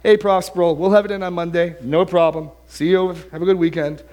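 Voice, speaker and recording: Guy doing cocky laid-back college kids, upbeat and loud. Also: sits high, steady tone, fairly quick, voice pushed up, close to an everyday voice. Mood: cavalier. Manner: casual, cocky. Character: breezy carefree college students.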